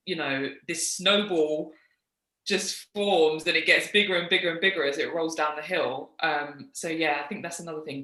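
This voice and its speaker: A British woman guest giving encouraging, steady advice in a casual discussion. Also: fairly low pitch, roomy sound, rough recording.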